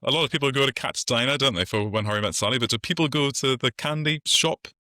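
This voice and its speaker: A man's voice: mid-range voice, quick pace, sharp tone, no echo, clean studio sound. A man co-hosting a podcast, sharing film trivia in an easygoing way with hesitant fillers. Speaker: podcast co-host. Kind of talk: casual chat.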